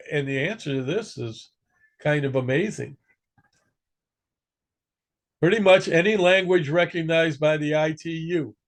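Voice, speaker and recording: A man teaching an amateur radio class in a casual, joking way, stopping to correct himself now and then. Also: sits high. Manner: chatty, joking, self-correcting. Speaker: instructor.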